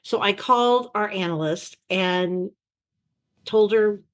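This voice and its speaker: A woman guest in an interview, telling an anecdote in a lively way and acting out the voices she quotes, over a video call. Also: mid-range voice, takes it slowly. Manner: animated storyteller who acts out quoted voices. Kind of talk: anecdotal storytelling.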